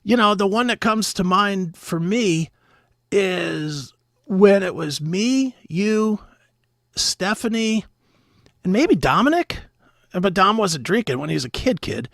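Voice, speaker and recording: A man guest co-hosting a casual chat show, telling stories in an animated, profane way. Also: high-pitched, takes it slowly, creaky, no room sound, studio quality. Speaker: guest co-host.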